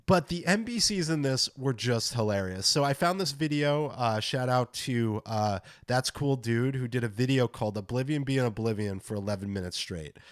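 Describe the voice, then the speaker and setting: A man chatting on a gaming podcast, eager and rambling, his voice pitched in an ordinary middle range. The sound is dry and close, with no room echo. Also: animated, moderate pace, few pauses. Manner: enthusiastic, rambling, reacting to clips. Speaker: podcast host. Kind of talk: casual gaming podcast chat.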